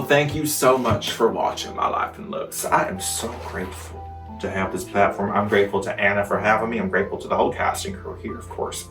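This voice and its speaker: A man's voice: lowish voice, fairly bright tone, echoey room, recorded from a distance. A man voicing a gushing, sentimental male Bigfoot who reflects on his fashion looks like a star in a comedy sketch. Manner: emotional, grateful, gushing like a star in a fashion interview.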